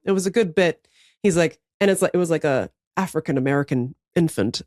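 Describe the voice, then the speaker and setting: A woman co-host spins a comedy story on a podcast, her pitch leaping all over as she laughs and acts out the people in it. She swears casually and keeps the energy up. The sound is close and dry, with no room around it. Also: brisk, no room sound. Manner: animated storytelling, laughs often.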